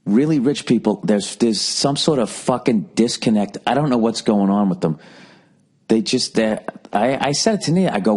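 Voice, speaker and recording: A man's voice: lowish voice, animated, normal speed, darkish tone, breathy edge. A man in his forties with a Boston accent, ranting profanely through a casual solo monologue as podcast host.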